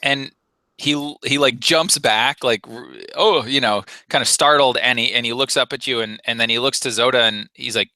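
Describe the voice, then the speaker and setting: Guy running a tabletop game, bright tense voice, dry sound, lots of likes and ums. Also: medium pitch, moderate pace, no echo, poor audio. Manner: casual, filler-heavy. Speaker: game master.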